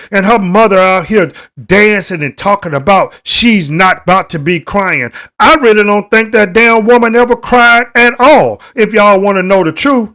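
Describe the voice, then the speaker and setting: A man with a high voice hosts a live stream and talks straight to the people watching. He sounds indignant and repeats his points, asking viewers questions and breaking into emphatic outbursts. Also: bright, forceful tone. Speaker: livestream host.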